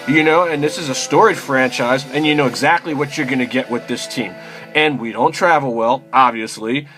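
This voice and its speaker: Exasperated profane football fan ranting. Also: male voice, high-pitched, a bit bright. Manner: exasperated, profane, rambling with many fillers. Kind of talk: casual fan rant to camera.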